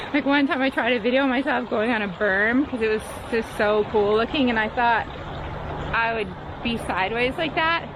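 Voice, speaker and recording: A woman's voice: fairly high pitch, normal speed. A woman chatting casually while reviewing her bike outdoors, laughing often and poking fun at herself. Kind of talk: casual chat while riding. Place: outdoors on trails and roads. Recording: noisy outdoor recording.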